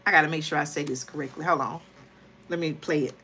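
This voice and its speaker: A woman's voice: low-pitched, fairly even intonation, fast talker, sharp tone. A woman hosting a late-night livestream, tired and chatty, often talking to viewers as y'all. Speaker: livestream host. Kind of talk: casual livestream talk.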